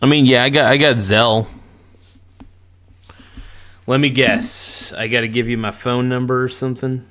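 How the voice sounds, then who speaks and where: A man hosting a casual livestream, joking and teasing his chat viewers in a deep radio announcer voice. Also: steady tone, normal speed, pauses often, fairly bright tone. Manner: joking, teasing, breaks into crooning song. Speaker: livestream host.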